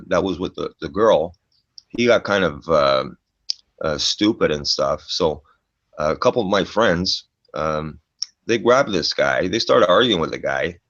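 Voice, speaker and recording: A man's voice: deep voice, animated, normal speed, fairly bright tone, no room sound. A middle-aged man telling a story in casual chat, profane and emphatic, ending lines with "man". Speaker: storyteller guest. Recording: dull lo-fi dry recording.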